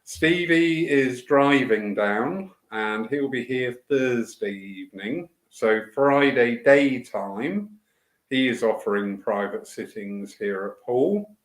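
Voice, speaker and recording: A man's voice: mid-range voice, expressive, takes it slowly, roomy sound. A man who organizes church events, running through the day's programme in a chatty, enthusiastic way with fillers and asides. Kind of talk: casual spoken announcements. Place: church hall.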